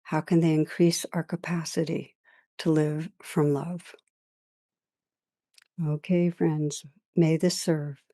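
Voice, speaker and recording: Brief: woman meditation teacher, low warm voice, unhurried and gentle. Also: flat delivery, no room sound, studio quality. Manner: slow, gentle, contemplative. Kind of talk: reflective spoken introduction.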